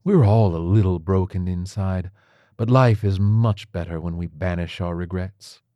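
A soft-spoken tiger surgeon, voiced by a man in a spoken story. He sounds measured and clinical and stays gently matter-of-fact. The voice is deep and the sound is dry and close. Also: no echo, lo-fi sound. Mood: calm.

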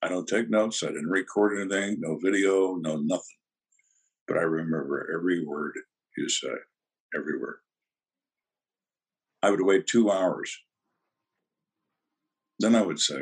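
An older man, a former detective, telling interrogation stories in a dry, deadpan way during an interview. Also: low voice, measured pace, long pauses, slightly rough. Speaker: retired detective guest. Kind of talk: storytelling interview answers.

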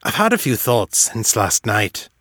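A man voicing a gruff, curmudgeonly old male wizard with a clipped, grumbling way of talking. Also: fairly low pitch, very animated, unhurried, fairly bright tone, no echo, clean studio sound, exaggerated voice.

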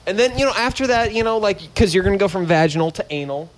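A man's voice: sits high, expressive, fast. Rambling man joking on a podcast. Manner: rambling, joking, frequent laughs and fillers. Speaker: podcast co-host. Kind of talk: crude casual banter.

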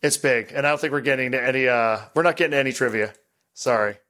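A man hosting a casual pinball podcast, chatty and rambling, animated as he talks. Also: medium pitch, fast. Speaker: podcast host.

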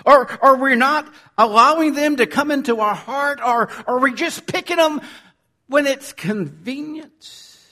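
A man preaching a sermon as pastor, swinging from loud emphasis to hushed asides. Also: extremely high pitch, a little slow. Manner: animated preaching, swinging from loud to near-whisper.

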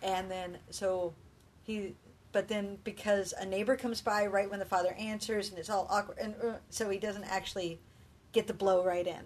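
A woman chatting casually about a film, telling it with animated energy and acting out lines, sounding exhausted. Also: mid-range voice, normal speed. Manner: animated storyteller, acts out dialogue.

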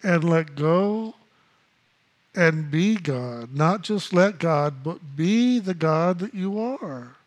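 A man's voice: on the high side, expressive, slow pace. A man giving a spiritual teaching talk, emphatic and repetitive, with blunt asides.

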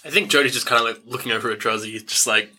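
A man's voice: medium pitch, racing, sharp tone, slight background noise. A man playing a tabletop game, thinking aloud about his character and laughing as he talks. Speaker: player. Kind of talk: casual chat in a tabletop game.

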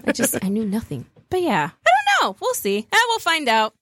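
A young woman chatting on a podcast with a bubbly, sarcastic manner and frequent laughter. Her voice is fairly high and swings widely in pitch. The sound is close and dry. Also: wildly swooping pitch, fairly quick, a bit bright, breathy edge, no room sound. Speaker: podcast co-host. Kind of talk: casual chat.

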